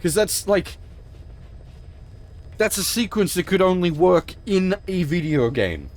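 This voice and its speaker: A man's voice: high-pitched, expressive, unhurried. Rambling, swearing male game streamer. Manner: rambling, emphatic, swears often. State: emotional, choked up. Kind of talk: casual livestream commentary.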